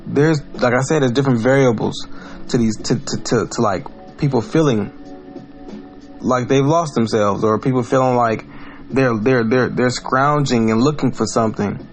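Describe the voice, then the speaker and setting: Male podcast host, mid-pitched, blunt and profane, rambling solo talk. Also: moderate pace, faint music behind. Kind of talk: casual monologue.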